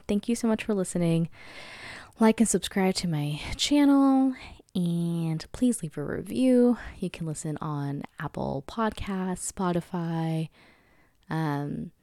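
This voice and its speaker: Low, gravelly-voiced woman in her twenties. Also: warm tone, no room sound, studio quality. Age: 20s. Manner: candid, chatty, swears freely, laughs often. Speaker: podcast host. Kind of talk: casual solo podcast chat. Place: at home.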